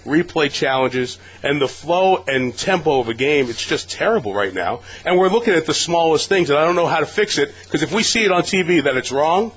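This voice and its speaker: Higher-voiced man talking sports on radio. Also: expressive, a little fast, few pauses, fairly bright tone, breathy edge. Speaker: guest broadcaster. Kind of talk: sports talk radio chat. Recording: slightly dull radio recording.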